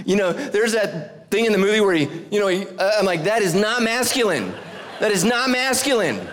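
A middle-aged male pastor delivering a comic sermon in a fairly high voice. He swings between bright, animated teasing and near-shouted punchlines, then sinks into a hushed, low tone for prayer. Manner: drops low and soft in prayer. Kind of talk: humorous sermon.

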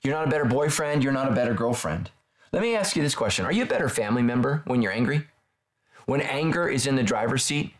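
A middle-aged male pastor preaching a sermon in a conversational, animated way, full of rhetorical questions. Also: mid-range voice, quick pace.

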